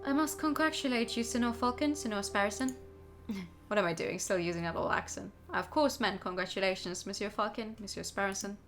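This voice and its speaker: A woman voicing a suave male fox private investigator with smooth, courteous and slightly theatrical manners, over faint background music. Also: mid-range voice, fairly even intonation, a little fast, a bit bright, lightly acted.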